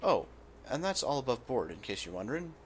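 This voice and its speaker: A man voicing a gruff, blustering old male guild boss, reading game dialogue aloud. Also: medium pitch, very animated, a little fast, slight background noise, lightly acted. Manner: reads in a rough dockside voice, drops it partway.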